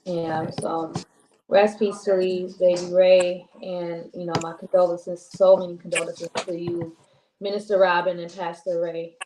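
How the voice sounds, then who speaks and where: A woman's voice: on the low side, flat delivery, measured pace, background noise. A woman co-hosting a casual talk show, rambling and chatty with many restarts. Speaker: co-host. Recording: roomy echo.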